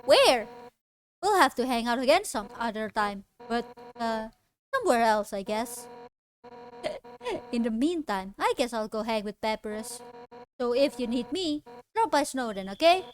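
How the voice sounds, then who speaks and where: A woman's voice: a little high, big pitch swings, measured pace, long pauses. A woman reading the lines of a brash, tough fish warrior woman aloud, blunt and boastful. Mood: upbeat.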